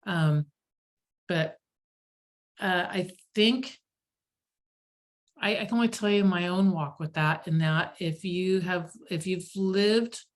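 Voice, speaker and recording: Animated woman telling stories, slightly low voice. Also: takes it slowly, pauses often. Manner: animated, self-deprecating storyteller. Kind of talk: casual group chat.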